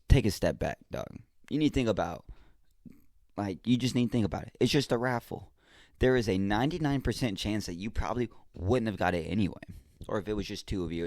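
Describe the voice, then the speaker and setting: A man hosting a podcast, talking casually and straight to the listener in a relaxed, slangy monologue. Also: sits low, no room sound, clean studio sound. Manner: laid-back, slangy, talks straight to the listener. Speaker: podcast host.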